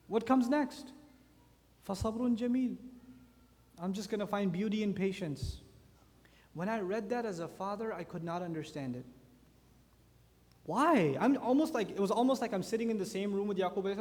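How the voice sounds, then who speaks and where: Man giving an animated conference sermon, high voice, long hall reverb. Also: a little fast. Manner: animated, lively storytelling with rhetorical questions. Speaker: speaker at a youth conference. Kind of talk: lecture sermon.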